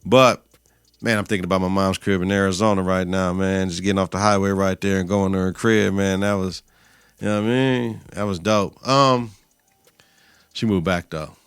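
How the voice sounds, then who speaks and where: A man's voice: low-pitched, steady tone, moderate pace, a bit bright, clean tone, dry recording. A man hosting a podcast, giving a loose, slang-heavy, profane recap of a TV episode into a close mic. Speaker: podcast host.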